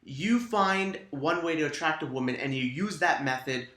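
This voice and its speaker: A man's voice: on the high side, lively intonation, moderate pace, fairly bright tone, echoey room. A man co-hosting a casual podcast, giving frank, crude dating advice with emphasis. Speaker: podcast co-host. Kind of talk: casual chat.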